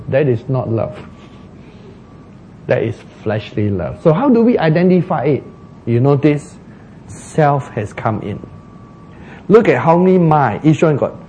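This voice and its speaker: A man preaching a sermon, slow and emphatic, acting out laments dramatically. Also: on the high side, sing-song, darkish tone, breathy edge, rough recording. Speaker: pastor.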